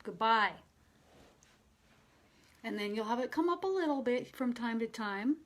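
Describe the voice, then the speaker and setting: An emotional woman medium speaks during a live channeling session. Her voice moves from excited, laughing bursts to soft, hushed passages, and at times she sounds close to tears. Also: a little high, brisk. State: near tears. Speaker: spiritual medium.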